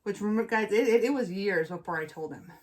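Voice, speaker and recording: A woman's voice: mid-range voice, fast talker. Storytelling woman co-host. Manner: animated storyteller, acts out voices. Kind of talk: casual storytelling chat.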